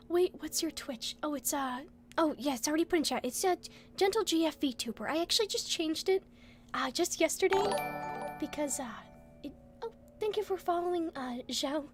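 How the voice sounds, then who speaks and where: Super high-pitched young woman chatting on stream, giggles a lot, hiccups, faint music under her. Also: normal speed. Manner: giggly, laughs often. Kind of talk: casual chat.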